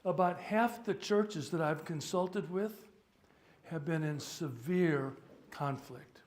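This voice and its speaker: A man in his seventies, a priest, giving a loose, joking workshop talk and pausing to sort out practical matters. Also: fairly high pitch, a little mellow. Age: 70s. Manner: chatty, joking, stops to sort out sound. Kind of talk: informal teaching talk.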